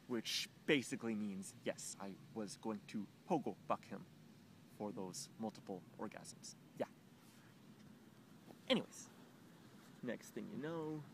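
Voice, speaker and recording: A man telling a rambling, profane story about a neighbour dispute, halting and full of fillers, with high squeaky voices for the other people in it. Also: expressive, creaky, a little hiss or hum.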